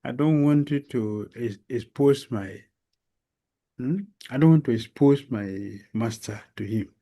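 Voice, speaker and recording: A man giving a devotional lecture as a spiritual teacher, telling a story slowly and with emphasis, with many pauses and fillers. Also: medium pitch, expressive, warm tone. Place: lecture hall.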